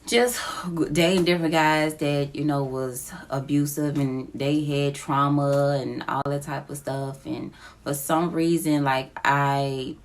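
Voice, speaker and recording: A woman speaks into her phone in a personal confessional vlog. Her voice sits low with a gravelly fry, and she talks slowly, pausing often. She sounds emotional and close to tears. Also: steady tone, slight background noise. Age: adult with children. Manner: slow, halting, emotional, near tears. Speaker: vlogger. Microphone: phone app recording.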